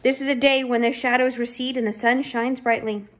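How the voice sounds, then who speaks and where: A woman's voice: a little high, steady tone, brisk, pitched above the performer's own voice, lightly acted. Woman doing a pompous speechifying boss. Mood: grandiose. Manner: grandiose, flowery.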